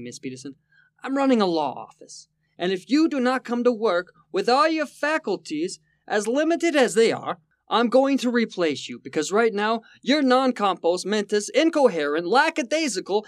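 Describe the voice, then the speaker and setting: An actor playing an exasperated, sarcastic boss in a 1940s radio sitcom, with a blustering delivery. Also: male voice, high-pitched, sing-song, normal speed, dry recording, clean studio sound. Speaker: law office boss.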